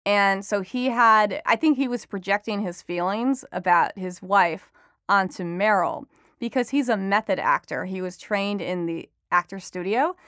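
A woman's voice: mid-range voice, a little slow, a bit bright, no echo, studio quality. A woman reporter and author answering interview questions in a chatty way, laughing often, with many fillers.

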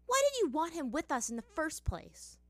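A woman voicing a cold, sharp-tongued teenage princess. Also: high-pitched, moderate pace, dry recording, pitched above the performer's own voice, exaggerated voice. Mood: cutting. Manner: flat, cutting.

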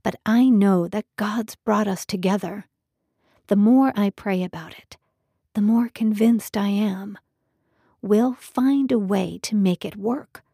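A woman's voice: mid-range voice, slow pace, warm tone, husky, dry recording, studio quality. A woman voicing an earnest young man who pleads with the woman he loves, in an audiobook. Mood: insistent. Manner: pleading, insistent.

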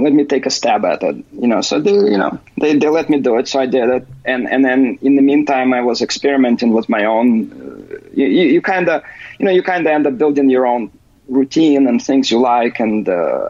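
A man talking as an interview guest, halting and full of restarts and "you know" fillers. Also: mid-range voice, sing-song, a little mellow, no room sound. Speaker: interview guest, software developer. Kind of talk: casual interview. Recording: dull, lo-fi recording.

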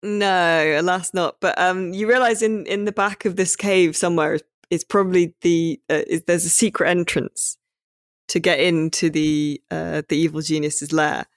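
A man's voice: high-pitched, steady tone, normal speed, no room sound. Guy hosting a podcast, rambly, lots of ums, dry close sound. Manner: rambling, hesitant scene-setting with many fillers. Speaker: podcast host. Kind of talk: casual chat.

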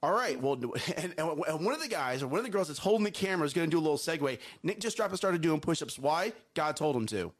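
A man co-hosting a morning talk show, chatting casually. His voice sits a touch high and swings through a lively range. He laughs often and repeats himself as he goes. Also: fast talker, hardly any pauses. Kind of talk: casual chat.

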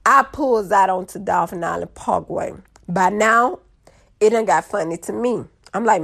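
A young woman, telling a funny story to her viewers in a lively, casual way. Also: medium pitch, normal speed, gravelly. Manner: animated, drawling, addresses audience as y'all.

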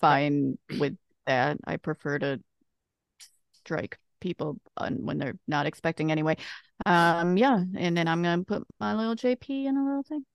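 A woman's voice: fairly low pitch, moderate pace, vocal fry, dry recording. A woman playing a tabletop game, giggly and easily amused. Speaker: player.

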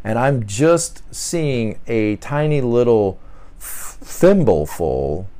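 A man's voice: mid-range voice, sing-song, slow, mellow. A man hosting a podcast, talking through a personality topic in an earnest, casual teaching monologue, often repeating words and briefly acting out the voices he quotes. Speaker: podcast host.

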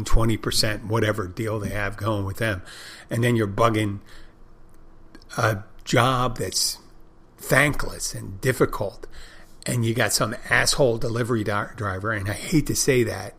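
A man's voice: lowish voice, fairly bright tone, husky. A man hosting a podcast, talking in a casual, rambling monologue, blunt and swearing freely, often restarting and repeating himself. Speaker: podcast host.

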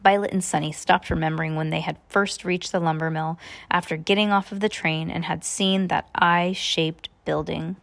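A woman's voice: on the low side, fairly even intonation, moderate pace, vocal fry, a bit bright. A woman, a parent, reading a book aloud to her child in plain narration with small stumbles and self-corrections.

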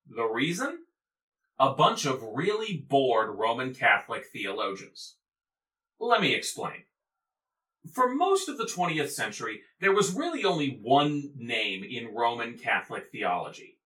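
A man's voice: medium pitch, pushed and bright. A man hosting a podcast, delivering a humorous scripted lecture on church history in a playful, theatrical way. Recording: roomy echo, off mic, faint music.

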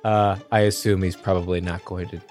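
A man's voice: sits low, little pitch movement, a little fast, a little mellow, soft background music. A man playing a tabletop game who describes his character's actions in a hesitant, casual way. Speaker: player.

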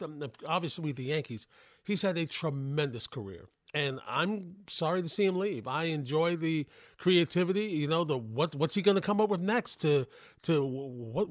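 A man's voice: a little high, dry recording. A man in his sixties hosting a sports radio show, speaking in a rambling, admiring way with many fillers into a studio microphone. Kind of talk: radio talk show monologue.

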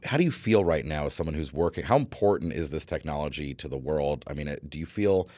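A man hosting a podcast, asking halting questions with restarts and closing the show. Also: very deep voice, animated, darkish tone, no room sound, clean studio sound. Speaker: podcast host. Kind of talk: casual interview hosting.

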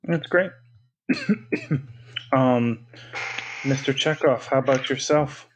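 A man's voice: medium pitch, takes it slowly. A man hosting a casual podcast, introducing his co-hosts with jokey nicknames. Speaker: podcast host.

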